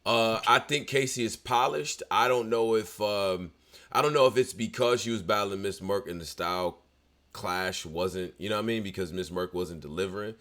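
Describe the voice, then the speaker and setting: A man co-hosting a casual recap show, talking in an animated, profane, trash-talking way. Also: on the low side, moderate pace. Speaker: podcast co-host.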